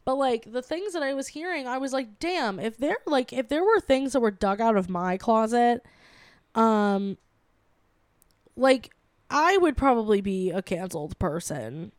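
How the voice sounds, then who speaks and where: A woman's voice: fairly high pitch, animated, a little slow, dry recording. A woman co-hosting a comedy podcast, talking casually with lots of fillers and restarts. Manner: rambling, many fillers and restarts. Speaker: podcast co-host. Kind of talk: casual chat.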